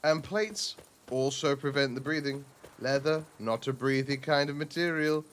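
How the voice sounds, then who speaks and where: A man's voice: mid-range voice, normal speed, a bit bright, slight background noise. A man streaming a role-playing game, chatting casually and rambling with self-mocking asides.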